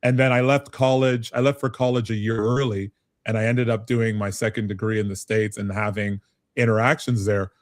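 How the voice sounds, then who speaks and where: A middle-aged man from Canada, a business advisor, telling lively, self-mocking stories as a guest in a conversational interview. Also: on the low side, normal speed, no echo, clean studio sound. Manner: animated storyteller, self-mocking.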